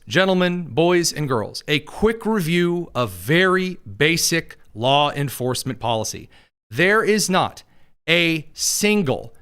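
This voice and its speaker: A man's voice: high-pitched, smooth. A man hosting a political commentary show, mocking and sarcastic as he reacts to clips. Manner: sarcastic and mocking, lively delivery.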